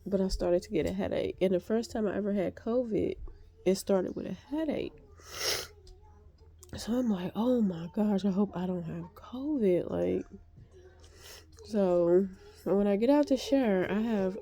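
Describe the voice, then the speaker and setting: A woman's voice: mid-range voice, dark tone. A woman telling a vlog story while congested, chatty with many fillers and laughing at herself. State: congested and sniffly. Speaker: vlogger.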